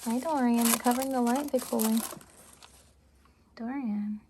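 A young woman in a soft, chatty, giggly whisper, giving an ASMR house tour of her home. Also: fairly high pitch, measured pace. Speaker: ASMR creator. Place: home, indoors. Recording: steady background hiss with clicks.

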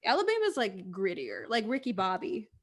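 A woman's voice: medium pitch, wildly swooping pitch, normal speed. A woman co-hosting a podcast in casual chat, giggly and playful. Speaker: podcast co-host.

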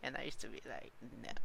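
A man's voice: medium pitch, bright, forceful tone, slight background noise. A man talking alone as a podcast host, informal and candid, hesitant with many fillers and restarts. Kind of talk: unedited solo podcast talk.

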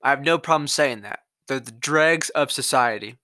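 His mid-range voice is bright and forceful at a moderate pace as the young Southern host from Mississippi launches into an angry, profane political rant, restarting his sentences as he rambles. The sound is clean studio audio without echo.

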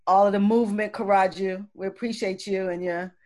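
A woman hosts an online radio talk show in an easy, chatty way. She gushes with thanks and stumbles through fillers and restarts, at a middle pitch. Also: fairly even intonation, brisk. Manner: warm, effusive, many fillers and restarts. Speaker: host.

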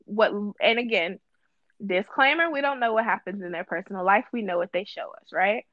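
A woman's voice: mid-range voice, a little fast, dry recording, dull audio. A woman co-hosting a casual podcast chat, talking emphatically and repeating phrases for stress. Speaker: guest co-host.

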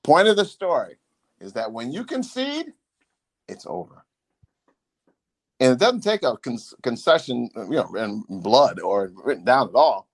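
An emphatic man in his sixties speaks at a medium pitch, a former congressman telling stories to his son. He retells events casually and animatedly. He repeats key phrases for weight. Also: big pitch swings, measured pace, pauses often. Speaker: former congressman hosting a podcast.

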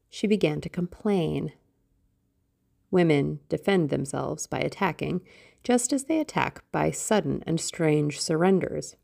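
A woman reading a classic novel aloud as an audiobook narrator, in a measured, even manner. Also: low voice, creaky. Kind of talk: scripted literary narration.

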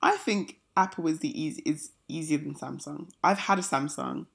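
A woman's voice: low-pitched, normal speed, vocal fry, husky. A young woman chatting casually as a co-host, sassy and playful, teasing her friend. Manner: sassy, playful teasing with sudden loud outbursts. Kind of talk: casual chat.

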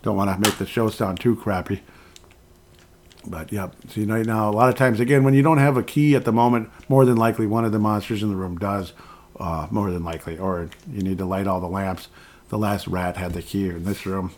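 A man with a slightly low voice, giving casual let's-play commentary into a desk mic. He rambles, makes asides and pokes fun at himself as he plays. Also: steady tone, fairly quick, a little mellow. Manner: rambling and self-deprecating, with frequent laughs and asides. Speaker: gameplay commentator.

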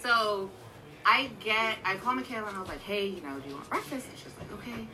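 Bright woman podcast cohost, cussy animated storytelling, bit of background hiss. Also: mid-range voice, a little fast, rough recording. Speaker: podcast co-host. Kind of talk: casual storytelling chat.

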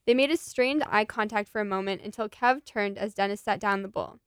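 A woman's voice: mid-range voice, brisk, few pauses, clean tone, no room sound, studio quality. A woman casually reading her part of a collaborative story aloud, giving the dialogue some life.

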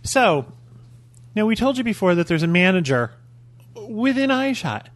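A man's voice: sits high, moderate pace, no room sound. A man on a podcast telling a story in casual chat, acting out what people said. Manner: animated storytelling, acting out quoted lines. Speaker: podcast co-host.

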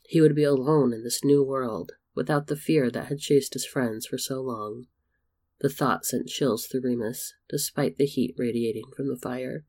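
Guy narrating a story, gravelly voice, calm even reading. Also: medium pitch, moderate pace. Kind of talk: storybook fan fiction reading.

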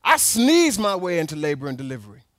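A man voicing an older mother who is recalling her childbirths, told in an animated, amused way. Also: sits high, fast, dry recording, studio quality, heavily acted.

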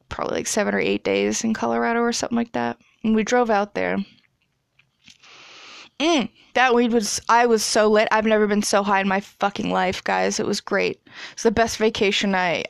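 Woman, twenties, profane casual storytelling, crisp, close and dry. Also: medium pitch, dry recording. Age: 20s. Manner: profane, laughing, chatty storytelling.

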